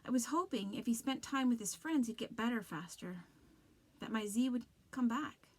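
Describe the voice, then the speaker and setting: A woman's voice: fairly high pitch, lively intonation, moderate pace. A woman doing a distraught, tearful mother.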